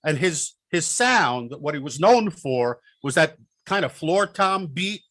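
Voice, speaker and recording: A man with a bright, somewhat high voice joins a casual chat, asking questions and vocalising drum beats. The recording is very dry, with no room echo. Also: animated, slow. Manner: inquisitive, hums drum beats aloud.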